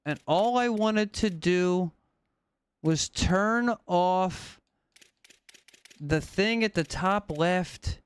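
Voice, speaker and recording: A man's voice: high voice, a bit bright, no room sound, studio quality. A man streaming a video game, ranting in an exasperated, profane way about the game. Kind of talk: live gameplay commentary.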